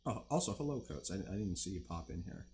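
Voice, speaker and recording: A young man runs a livestream, chatting casually with his viewers and rambling profanely with plenty of fillers. His voice is deep and a bit dark, with lively intonation and a fast pace, and there's slight noise in the background.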